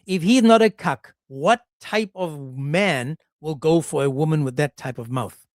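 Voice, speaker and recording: A man's voice: fairly high pitch, measured pace, dry recording. Sarcastic man ranting at a close mic. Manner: mocking, sarcastic, acts out quoted voices. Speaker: commentary channel host. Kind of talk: monologue commentary on a clip.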